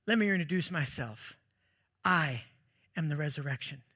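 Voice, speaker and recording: A man preaching a sermon as pastor, telling stories in a jokey, animated way with sudden loud bursts. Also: fairly high pitch, moderate pace.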